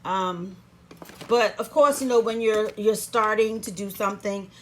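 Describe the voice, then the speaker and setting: A woman's voice: mid-range voice, steady tone, a little slow, a little hiss or hum. A woman talking through a how-to vlog in a playful, sassy, chatty way, recording herself at home on a camera stand. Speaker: vlogger.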